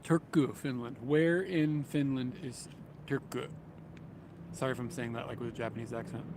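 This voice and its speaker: Casual male streamer, gravelly voice, rambling outdoor chat over loud street and train noise. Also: mid-range voice, fairly quick. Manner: relaxed, rambling, chuckles often. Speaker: livestreamer. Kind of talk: casual livestream chat, reading viewer comments. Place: outdoors in a city, near train tracks. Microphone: small camera-mounted mic. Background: passing vehicles and trains.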